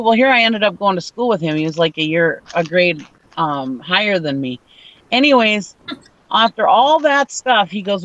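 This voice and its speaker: A woman's voice: medium pitch, lively intonation, normal speed, a bit bright, dry recording, muffled recording. A woman from Minnesota telling a story in casual chat, laughing often and acting out what people said. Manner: chatty, laughs often, acts out quotes.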